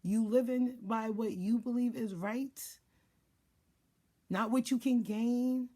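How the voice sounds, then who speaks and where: A woman's voice: fairly high pitch, fairly even intonation, slow pace, dark tone. A woman giving casual life advice in a blunt, profane monologue, acting out what people say. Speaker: life and spiritual advisor.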